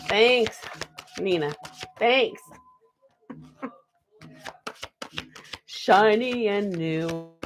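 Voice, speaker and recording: A woman's voice: mid-range voice, lively intonation, very slow, pauses often, a bit bright, a little hiss or hum. A woman hosting a live stream card reading, chatting and laughing between the messages she reads aloud. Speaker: card reader.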